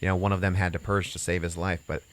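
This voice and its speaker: This podcast host has a deep voice, keeps a level tone and talks quickly. He's casually retelling a story, rambling into asides and performing the quotes.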